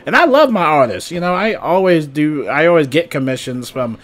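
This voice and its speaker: A man's voice: fairly high pitch, lively intonation, fairly quick. A young man casually chatting about game news on his channel, rambling with lots of fillers and restarts. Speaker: gaming YouTuber. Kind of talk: casual gaming news chat.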